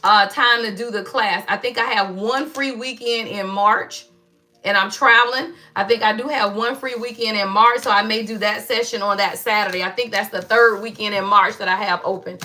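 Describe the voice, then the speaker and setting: A woman giving a casual tarot reading, animated and slangy, who keeps calling her viewers y'all. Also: medium pitch, moderate pace. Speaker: tarot reader.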